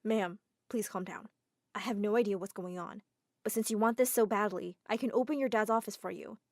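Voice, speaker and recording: A timid, polite young male assistant in a storybook drama, as a woman narrator voices him. He speaks deferentially and a touch lower than her own voice. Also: fast talker, a little mellow, no room sound, clean studio sound, lightly acted. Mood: nervous. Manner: deferential, keeps saying ma'am.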